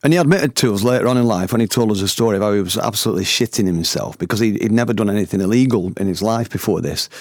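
A man's voice: lowish voice, rapid-fire, hardly any pauses, a little mellow, no room sound, clean studio sound. A middle-aged man from the north of England, telling a personal anecdote in colloquial, chatty language and laughing as he goes. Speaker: storyteller and former band member. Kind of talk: anecdotal storytelling.

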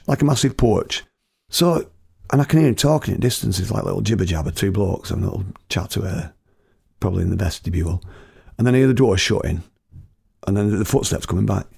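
A man's voice: on the low side, creaky, dark tone, slightly rough, no room sound. A middle-aged man from Britain telling rambling, chatty anecdotes, laughing at his own stories and using slang. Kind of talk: casual storytelling.

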